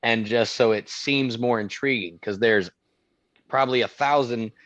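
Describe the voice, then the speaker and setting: A man's voice: medium pitch, normal speed, a bit bright, no echo. A young man co-hosting a podcast, chatting casually and rambling through stories with many restarts. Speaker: podcast co-host. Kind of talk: casual chat.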